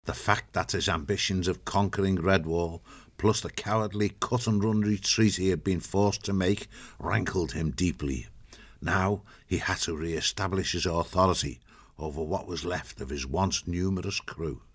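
A man reading an audiobook in steady, measured scripted narration. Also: low-pitched, breathy edge.

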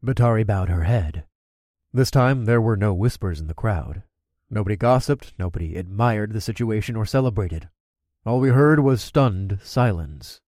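Give me a man reading a first-person audiobook, steady and wry, close and dry. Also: fairly low pitch, moderate pace, dry recording. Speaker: audiobook narrator.

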